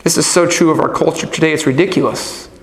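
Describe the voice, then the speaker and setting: A middle-aged man, a pastor, preaching a sermon in an animated way, acting out the people in his story. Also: on the high side, fast talker. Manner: animated, acts out people and God in quoted voices. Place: church sanctuary. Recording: echoey hall with long reverb.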